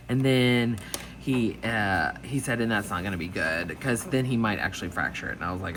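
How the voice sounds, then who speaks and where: Woman, very deep voice, animated casual storyteller, home desk recording with faint hiss. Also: moderate pace. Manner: chatty, animated retelling with quoted voices and laughter. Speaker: planner vlogger. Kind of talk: casual storytelling while planning. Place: home desk with dogs nearby.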